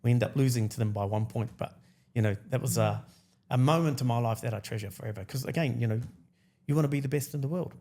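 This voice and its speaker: A man's voice: mid-range voice, quick pace. A New Zealand man in his forties, a podcast guest telling his story casually and acting out the dialogue in slangy speech. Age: 40s. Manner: animated, acts out quoted dialogue, slangy.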